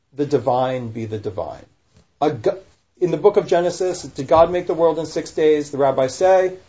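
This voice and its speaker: A slightly high, somewhat mellow male voice belongs to a rabbi chatting on a casual podcast. Lively and informal, he poses rhetorical questions and corrects himself partway through sentences. The recording is dull and lo-fi.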